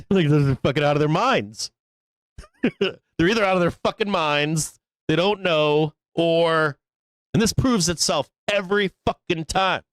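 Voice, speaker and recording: A man's voice: on the high side, lively intonation, unhurried, fairly bright tone, clean tone, dry recording. A man hosting a live stock market show, talking bluntly and emphatically with lots of swearing in a rambling, casual way. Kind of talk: casual live trading commentary.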